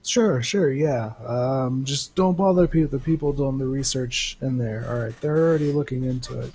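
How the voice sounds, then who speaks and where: A man's voice: medium pitch, moderate pace, a little mellow, slight background noise, close to an everyday voice. A man playing a curt library guard. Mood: dismissive. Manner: curt, dismissive.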